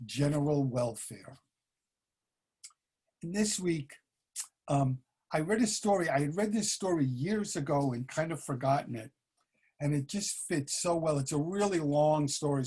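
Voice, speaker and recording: A man preaching a sermon as senior minister, telling stories with pauses and an occasional filler. His voice is husky and sits a little high for a man. He speaks very slowly and deliberately. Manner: slow, warm storytelling with pauses and fillers.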